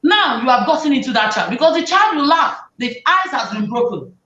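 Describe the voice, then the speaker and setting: A talk show host gives parents advice in a fairly high, animated and fairly quick voice, keeping it conversational and acting out the voices of parents and kids. She's far from the mic in an echoey room, so the sound comes across roomy, dull and muffled.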